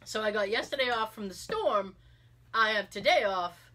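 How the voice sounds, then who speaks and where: Animated, bright-voiced woman podcast host. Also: medium pitch, normal speed. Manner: animated storyteller, exclaims and laughs often. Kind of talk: casual chat.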